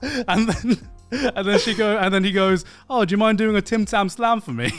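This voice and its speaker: A young British man telling a story on a casual podcast, animated and laughing as he acts out quotes. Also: high voice, normal speed, no echo, faint music behind. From Britain. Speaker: podcast co-host.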